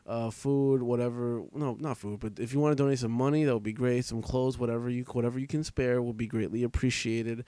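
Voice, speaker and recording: A man co-hosting a podcast, reading off plugs in a relaxed, rambling way with plenty of fillers. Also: medium pitch, brisk, hardly any pauses, clean tone, no room sound. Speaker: podcast co-host. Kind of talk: casual chat, show plugs.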